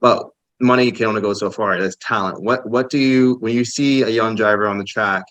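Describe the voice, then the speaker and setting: A man's voice: fairly low pitch, fairly even intonation, brisk, a bit bright, no echo, muffled recording. A man co-hosting a casual podcast, asking long, meandering questions. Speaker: podcast co-host.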